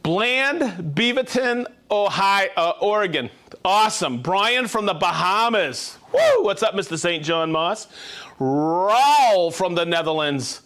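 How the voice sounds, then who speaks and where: A man hosting a live-streamed show, reading out viewers' names and towns in a quick, jokey, upbeat way. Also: high voice, animated, fairly bright tone. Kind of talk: casual live-stream shout-outs.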